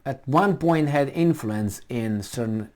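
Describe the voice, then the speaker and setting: A man's voice: medium pitch, slow pace. A man hosting a commentary video, reading a news article aloud and mocking it with sarcasm and swearing. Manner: animated, sarcastic, swears and mocks the article's author. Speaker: political commentary video host.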